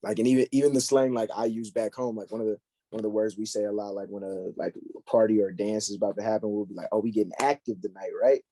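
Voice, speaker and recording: A man's voice: lowish voice, quick pace, no room sound. A young man chatting casually on a podcast, slangy and full of fillers as he tells stories. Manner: slangy, filler-heavy, animated storytelling.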